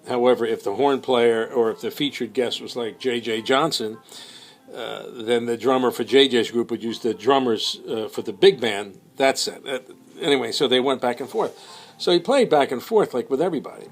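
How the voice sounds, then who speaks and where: Man rambling through a story. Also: medium pitch. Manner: rambling, with many fillers and quoted voices. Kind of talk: casual anecdote telling.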